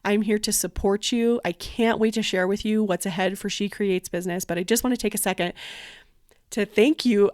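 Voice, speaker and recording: A woman's voice: medium pitch, steady tone, normal speed, a little mellow, no echo, clean studio sound. A woman hosting a business podcast in a casual, encouraging way, speaking straight to her listeners. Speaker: podcast host and wedding venue owner. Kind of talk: casual solo podcast talk.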